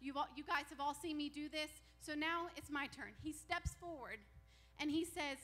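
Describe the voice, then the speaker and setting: Bright high-voiced woman preaching. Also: normal speed, faint music behind. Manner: animated storytelling, acting out the characters' quotes. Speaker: pastor. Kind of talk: sermon. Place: church sanctuary.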